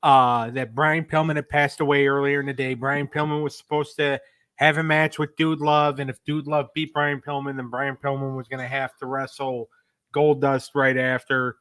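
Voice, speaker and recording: Male podcast co-host, mid-pitched, dry close mic, casual rambling storyteller. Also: flat delivery, moderate pace, a bit bright, clear, resonant tone, dry recording. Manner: storytelling with acted-out quotes, loose and rambling. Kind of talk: casual wrestling review chat.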